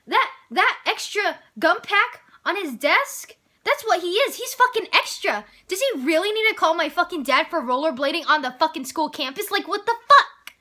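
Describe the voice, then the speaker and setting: A woman's voice: extremely high pitch, lively intonation, normal speed, bright, forceful tone. A teenage girl telling a story in a casual, exasperated and profane rant about getting in trouble at school.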